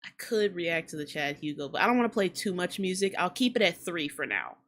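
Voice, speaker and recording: A woman's voice: lowish voice, sing-song, fairly quick, fairly bright tone. A woman hosting a hip-hop commentary show, talking in a blunt, profane, ranting way and repeating lines for emphasis. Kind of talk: casual commentary rant.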